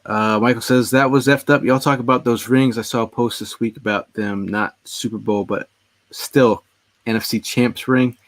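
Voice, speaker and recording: A man's voice: mid-range voice, steady tone, moderate pace, no echo. A man hosting a casual sports podcast, reading out viewer questions in an easygoing way. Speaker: podcast host.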